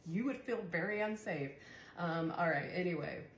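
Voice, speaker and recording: A woman's voice: on the low side, moderate pace. A young woman giving a chatty tarot reading who swears and laughs often. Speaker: tarot reader. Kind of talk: casual tarot reading monologue. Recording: echoey room, faint background noise.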